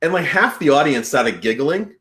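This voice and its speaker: A man's voice: on the high side, lively intonation, normal speed, a bit bright, roomy sound. A man with a Boston accent, a pastor, chatting casually, laid-back and self-mocking, rambling with restarts. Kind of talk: casual book club chat.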